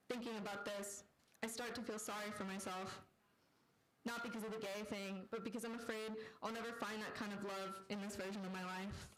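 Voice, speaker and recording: Woman giving a deadpan live reading. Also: mid-range voice, poor audio. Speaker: author reading her work.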